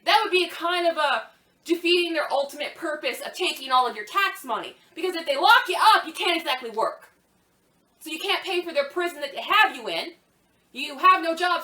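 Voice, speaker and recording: High-pitched woman, bright sharp tone, profane mocking rant, echoey room. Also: animated, fairly quick. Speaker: podcast co-host. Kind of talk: ranting commentary.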